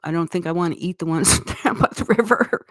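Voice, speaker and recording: A woman's voice: on the low side, a little fast, no room sound, studio quality. Chatty Canadian woman, grandmother-to-be. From Eastern Canada. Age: middle-aged. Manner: rambling, chatty, laughs often. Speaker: livestream host. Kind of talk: casual live-stream chat.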